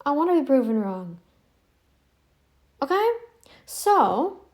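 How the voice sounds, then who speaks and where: Confrontational woman with a high voice. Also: very animated, takes it slowly, darkish tone. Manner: confrontational, repeats demands, many restarts. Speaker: YouTube commentary channel host. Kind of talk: casual direct-to-camera monologue. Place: home room, not in frame.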